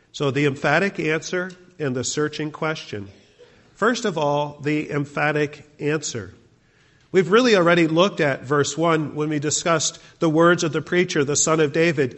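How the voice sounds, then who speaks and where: A man's voice: on the high side, a bit bright. A male pastor preaching a sermon, asking the congregation rhetorical questions.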